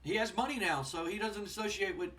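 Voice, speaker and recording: A man with a high voice narrating a wrestling sim playthrough in a relaxed, rambling way. He sounds a little distant from his microphone. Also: fairly quick. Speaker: game let's player. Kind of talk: let's play commentary narrating a wrestling sim. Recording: voice distant from the mic.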